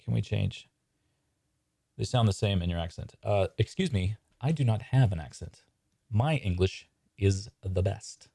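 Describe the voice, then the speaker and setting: A sketch writer and streamer writes comedy live, chatting casually and hesitantly with many fillers. His voice is fairly low, measured, creaky, warm, and husky, captured at studio quality with no echo.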